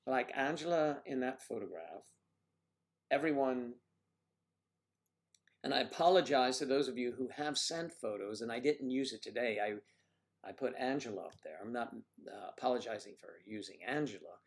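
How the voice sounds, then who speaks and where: A man's voice: mid-range voice, animated, normal speed. A man hosting a casual livestream, rambling and joking as he reacts to viewer comments. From United States. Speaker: livestream host.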